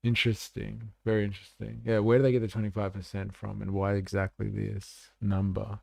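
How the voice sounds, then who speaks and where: A man's voice: on the low side, flat delivery, brisk, gravelly, dark tone, no echo. A man hosting a casual livestream, chatting back to comments and saying "like" a lot. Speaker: livestream host.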